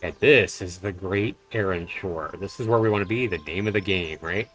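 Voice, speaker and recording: A man's voice: low-pitched, normal speed, fairly bright tone, soft background music. A man doing casual live commentary while playing a game, chatty and loose with fillers. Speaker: game streamer. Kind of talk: live let's-play commentary.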